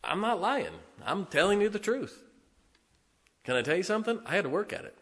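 Preaching in a church sanctuary, this middle-aged man uses a high, sing-song, bright and forceful voice that carries through a long reverb at a brisk pace. The everyday sermon shifts between emphatic outbursts and hushed, confiding asides, punctuated by his chuckles between points.

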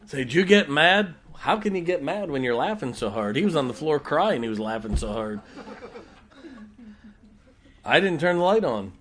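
A middle-aged man preaching a sermon in a folksy, humorous way, swinging from loud emphasis to quiet, intimate asides. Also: medium pitch, sing-song, moderate pace, long pauses. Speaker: pastor.

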